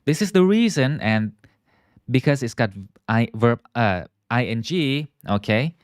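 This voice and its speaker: A man teaching English in a live online lesson, explaining words slowly, stretching key terms and often checking in with viewers. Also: medium pitch, expressive, smooth, dry recording, clean studio sound. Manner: models pronunciation and asks viewers to repeat.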